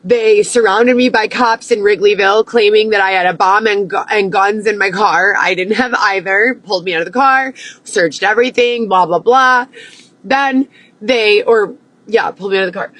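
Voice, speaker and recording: A woman's voice: medium pitch, moderate pace, fairly bright tone, no room sound, poor audio. A young woman ranting to camera, agitated and heavy with profanity, repeating herself as she vents. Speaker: vlogger.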